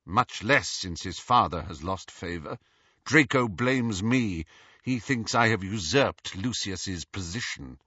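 A man's voice: lowish voice, expressive, slow pace, sharp tone, slightly rough, dry recording, lo-fi sound, heavily acted. A man voicing Snape, a cold, sardonic wizard. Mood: bitter. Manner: sardonic, bitter, clipped. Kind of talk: audiobook character reading.

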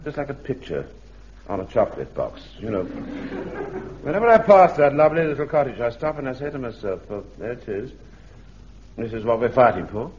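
An actor playing a vague, well-mannered, gently wry chief clerk and sergeant in a radio sitcom, heard on a dull archive recording. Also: male voice, mid-range voice, a little hiss or hum, natural voice. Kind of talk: 1970s radio sitcom acting.

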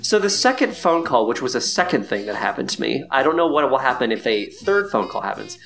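A man in his thirties chats loosely on a podcast, his pitch swinging widely from line to line. He swears casually and breaks into laughs often, with faint music behind him. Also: sing-song, fairly quick, vocal fry, a bit bright. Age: 30s. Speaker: podcast host.

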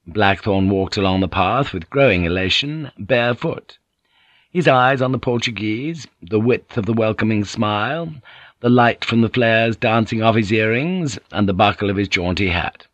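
A man reads an audiobook novel aloud in a steady, measured way. His voice sits on the low side and is recorded dry and close, with no room sound. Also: no room sound. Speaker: audiobook narrator. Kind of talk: scripted narration.

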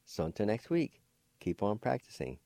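A man hosting a radio language lesson, slowly spelling words and patiently repeating each pronunciation. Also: fairly low pitch, wildly swooping pitch, mellow, dry recording, clean studio sound. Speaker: language teacher and radio host. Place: radio studio.

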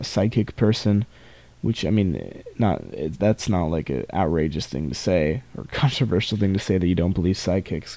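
Male, teens, podcast host, solo monologue, rambling, low voice, warm tone. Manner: rambling, many restarts and asides.

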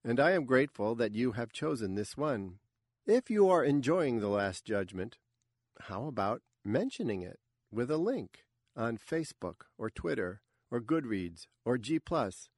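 A man's voice: mid-range voice, sing-song, unhurried, darkish tone, no echo, studio quality. A man hosting a fiction podcast, closing the episode in a wry, self-deprecating way. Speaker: podcast host. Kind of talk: podcast outro.

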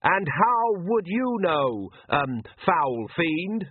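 A man's voice: fairly high pitch, very animated, extremely slow, husky, dry recording, voice pushed up, heavily acted. A man voicing a nervous young male priest who stumbles through solemn archaic oaths, heard as tinny phone-like audio. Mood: flustered. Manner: hesitant, stumbling over solemn archaic words.

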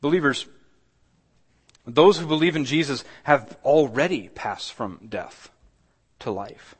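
A man preaching a sermon in a conversational way. He often repeats words and restarts, then swells louder on key points. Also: mid-range voice, normal speed. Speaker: pastor.

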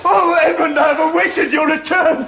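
A man's voice: very high-pitched, steady tone, normal speed, over a noisy crowd, very noisy. An actor playing a dim, eager young nobleman who speaks in a lofty, theatrical way. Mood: earnest. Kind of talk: sitcom acting.

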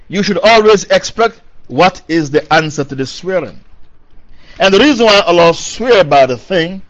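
A man's voice: high-pitched, fairly bright tone. A man giving a Quran commentary lecture who recites Arabic verses, then translates and explains them, repeating key phrases for emphasis. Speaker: preacher. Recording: dull lo-fi recording.

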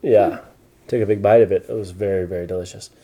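A man telling an improvised bedtime story to a child, slow and gentle. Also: low voice. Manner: slow, soft, animated voices for dialogue.

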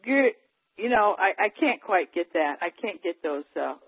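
A woman's voice: on the low side, lively intonation, moderate pace, breathy edge, no echo. A woman chatting as a guest in a casual phone conversation, talking in a rambling, chatty way. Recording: tinny phone line.

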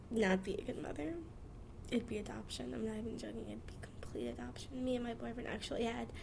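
A woman's voice: a little high, creaky, slight background noise. A nineteen-year-old woman, talking frankly and chattily about her life, laughing as she goes. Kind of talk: candid personal monologue.

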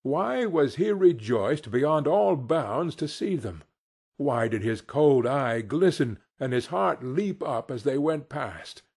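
A man reading a classic tale aloud with a slightly husky voice. He takes his time and lets his pitch roam widely to color the story. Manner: expressive, unhurried storytelling. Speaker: audiobook narrator. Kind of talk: scripted narration.

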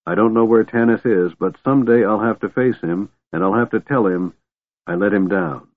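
A man voicing a grieving old male dwarf who mutters gruffly, in a storybook reading. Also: fairly low pitch, normal speed, no room sound, phone-quality sound. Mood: brooding.

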